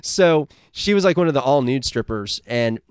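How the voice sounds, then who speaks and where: A man from the United States hosts a podcast in loose, profane chat, rambling and laughing as he tells stories. His voice is smooth and resonant. The sound is dry and close. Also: medium pitch, expressive, normal speed, dry recording. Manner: rambling, swearing, laughing, acting out bits. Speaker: podcast co-host. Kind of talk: casual crude chat.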